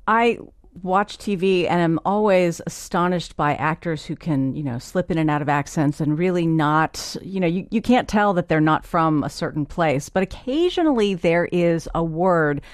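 A woman's voice: on the low side, expressive, normal speed, no echo, studio quality. A woman hosting a radio talk show, asking curious, conversational questions. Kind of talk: interview hosting.

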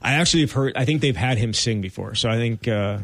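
A man hosting a morning radio show, chatting in a halting way with frequent laughs. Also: mid-range voice, fairly bright tone, no room sound, clean studio sound. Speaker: radio host.

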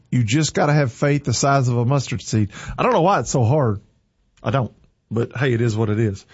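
A man's voice: mid-range voice, brisk, slightly rough, lo-fi sound. A man hosting a Christian radio morning show, upbeat and preachy, reading the weather and laughing at his own jokes.

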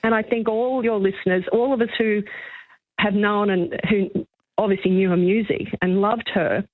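An older woman, calling in to a radio show. She tells a story in a chatty, halting way with many restarts and is emotional. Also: medium pitch, steady tone, no room sound. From Australia. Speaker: caller, magazine journalist. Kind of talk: phone-in storytelling on talk radio. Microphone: telephone. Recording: tinny phone line, dry.

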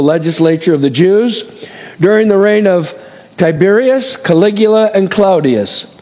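A man's voice: high voice, a little mellow, long reverb tail. A middle-aged man preaching a sermon as a pastor, folksy and conversational with lots of fillers and asides.

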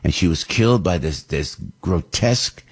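A man hosting a radio talk show, rambling and animated, often asking rhetorical questions. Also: sits low, normal speed, breathy edge. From New Jersey. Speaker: radio host.

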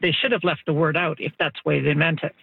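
A man's voice: fairly high pitch, fairly even intonation, quick pace, gravelly. A man from Edmonton calling a radio show, polite and hesitant. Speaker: caller. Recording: tinny phone line with noise.

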